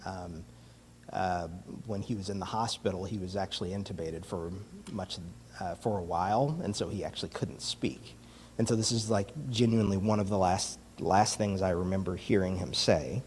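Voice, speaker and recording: A man giving a reflective communion talk and prayer in a church, pausing often and using fillers. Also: deep voice, a little mellow, slight background noise. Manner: reflective, with many pauses and fillers. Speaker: communion meditation leader. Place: church sanctuary. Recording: long hall reverb from a distance.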